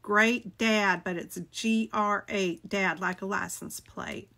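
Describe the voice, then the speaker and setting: A woman's voice: mid-range voice, fairly even intonation, slow pace, creaky, pushed and bright. A middle-aged woman, chatting casually with viewers as she shows off a craft haul, gushing and greeting people by name. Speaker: crafting video host.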